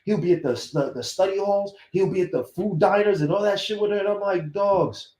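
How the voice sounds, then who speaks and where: A man's voice: high voice, fairly quick, a little mellow. A man on a casual podcast, telling stories with animation and acting out the voices of people he quotes. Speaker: podcast host. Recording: roomy echo.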